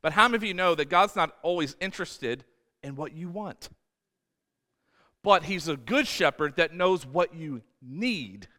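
High bright-voiced guy preaching, punchy and repeats himself, big church reverb. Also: lively intonation, a little slow. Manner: emphatic, repeats words, acts out voices in quotes. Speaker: pastor. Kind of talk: sermon.

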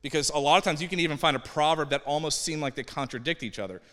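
A male pastor preaching in a big church hall, easygoing and joking with the congregation. His voice is fairly high and bright, with a forceful edge, and a long reverb hangs after each phrase. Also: quick pace. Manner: conversational, joking, animated. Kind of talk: sermon.

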